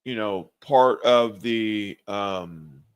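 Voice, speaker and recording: A man's voice: fairly low pitch, very slow, clean tone. A man hosting a talk show, speaking hesitantly with many fillers. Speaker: host. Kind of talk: casual talk show chat.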